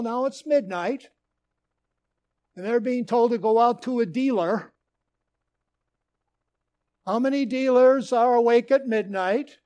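A male pastor from Minnesota delivers a sermon in an earnest storytelling manner with dramatic emphasis. His voice is high and his pace deliberate and slow. The recording is dry and close, with no room sound. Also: darkish tone, dry recording, lo-fi sound. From Minnesota, USA.

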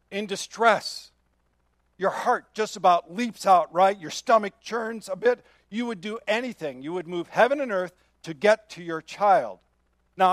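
A man's voice: high-pitched, no room sound. A man preaching a sermon as pastor, earnest and emphatic, often asking his listeners questions.

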